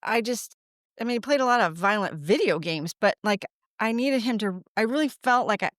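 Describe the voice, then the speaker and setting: A woman's voice: a little high, expressive, fairly quick, no room sound, clean studio sound. A middle-aged woman talking earnestly and a little rambling in a casual conversation, with frequent restarts. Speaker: guest, deputy's mother.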